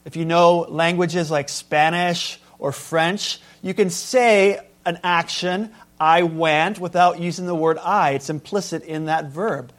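A man preaching with a high, light voice. He hits key words hard and then falls back to a hush. The sermon moves between force and calm. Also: unhurried, few pauses. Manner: emphatic, swings between loud stresses and quiet asides. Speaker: pastor.

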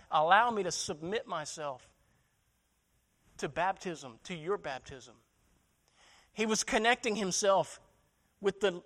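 A man's voice: high voice, fairly bright tone. A man preaching a sermon as pastor, asking rhetorical questions, repeating words as he restarts, and building to emphatic peaks.

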